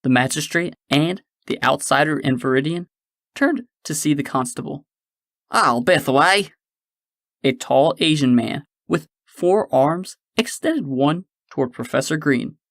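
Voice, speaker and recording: A man narrating a science-fiction audiobook in a measured storytelling manner. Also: fairly high pitch, lively intonation, gravelly, no room sound, studio quality. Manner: measured storytelling, shifting into character voices.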